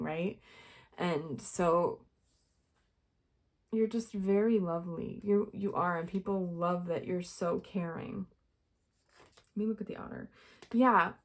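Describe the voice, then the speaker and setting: A woman's voice: fairly low pitch, a little mellow. A young woman giving a casual tarot reading to her viewers, chatty and rambling, full of fillers and little laughs. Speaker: tarot reader.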